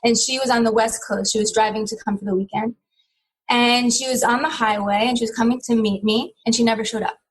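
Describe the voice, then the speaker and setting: Woman in her thirties, podcast guest, personal storytelling, heartfelt, somewhat high pitch. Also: steady tone, fairly quick, breathy edge, rough recording. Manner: reflective, heartfelt, many "you know" fillers. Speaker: interview guest.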